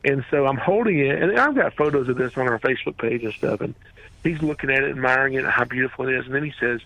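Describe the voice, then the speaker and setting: A man who runs a reptile rescue, telling animated stories as a radio interview guest and acting out the quotes. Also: medium pitch, fast, no room sound, poor audio. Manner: animated storyteller, acts out quotes.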